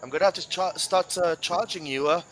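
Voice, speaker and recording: A man's voice: high voice, fairly quick, slight background noise. A man commentating live football, chatty and playful, whose first language is Spanish. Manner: chatty, playful, rising to excited shouts at big moments.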